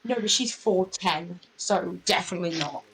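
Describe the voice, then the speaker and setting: A young woman telling a rambling, excitable story in casual voice chat, full of fillers. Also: on the low side, normal speed, poor audio. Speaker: gamer.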